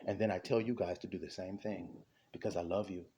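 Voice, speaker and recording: A man preaching an impassioned sermon, fervent and repetitive, with a husky voice. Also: deep voice, fairly even intonation, brisk, dark tone. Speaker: street preacher.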